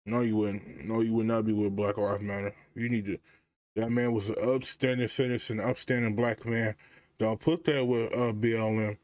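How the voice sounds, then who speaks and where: A man's voice: lowish voice, flat delivery, normal speed, a little mellow, dry recording. Chatty man doing reaction commentary. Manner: chatty, laughing asides to viewers. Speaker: reaction video host.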